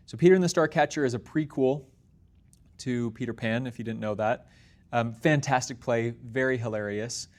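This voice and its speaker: An earnest young man hosts his own show and talks straight to the camera. His voice sits at an ordinary middle pitch for a man, and he keeps an upbeat, encouraging tone as he talks to his viewers. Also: moderate pace. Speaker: podcast host. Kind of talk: casual solo talk to camera.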